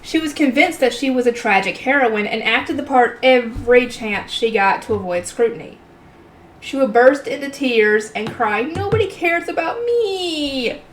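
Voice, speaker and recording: A woman's voice: a little high, moderate pace, a little hiss or hum. Chatty woman reading a novel aloud. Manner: chatty, exasperated asides. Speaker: channel host reading a novel. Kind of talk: reading aloud with casual commentary.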